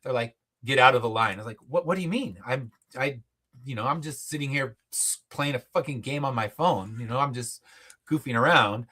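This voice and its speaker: A man's voice: medium pitch, brisk, bright, forceful tone, breathy edge. A middle-aged man, a podcast guest, telling a story in casual chat and acting out the people he quotes, with casual swearing.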